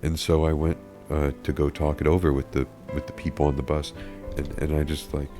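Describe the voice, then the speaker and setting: A man's voice: rumbling low, flat delivery, a little fast. A man telling a comedic story in a rambling, mock-serious way, stumbling over repeated words. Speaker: video creator. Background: background music.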